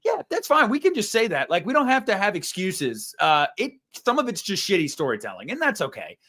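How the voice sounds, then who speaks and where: A man's voice: high-pitched, huge pitch swings, a little fast, a bit bright. A young man co-hosting a casual film review chat, ranting and swearing in exasperation. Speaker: podcast co-host.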